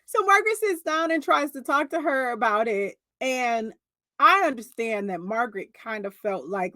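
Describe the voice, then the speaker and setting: A young woman spills reality-show tea in a sassy, animated voice pitched a touch high. She talks close to the mic in a dry, dead room. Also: normal speed, no echo. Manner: sassy, animated storytelling with frequent laughs. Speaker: reality TV commentator. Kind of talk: casual reality-show commentary.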